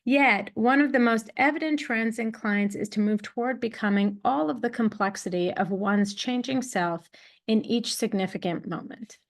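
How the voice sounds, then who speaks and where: A woman reading a psychology book aloud in a measured way, calling out page numbers and quotes, with small restarts. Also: a little high. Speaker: reader of a psychology text.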